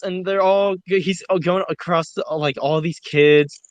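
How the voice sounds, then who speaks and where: A man with a fairly high voice rambles through a casual story and swears freely as he goes. His sound is close and dry, with no room around it. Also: moderate pace, dry recording. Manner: rambling, heavy swearing, animated retelling. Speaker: audio chat participant.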